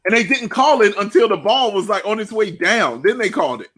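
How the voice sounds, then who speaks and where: Co-host, male, loud excitable game-watch reactions, lively pitch. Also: brisk. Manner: loud, animated reactions with laughter. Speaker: podcast co-host. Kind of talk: casual live game-watch chat.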